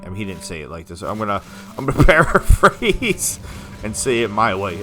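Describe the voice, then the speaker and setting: Man, fairly low voice, casual gameplay commentary, chatty and rambling, faint game music behind. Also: animated, fairly quick, bright, forceful tone. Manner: chatty, rambling self-talk with frequent laughs. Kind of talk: casual let's-play commentary.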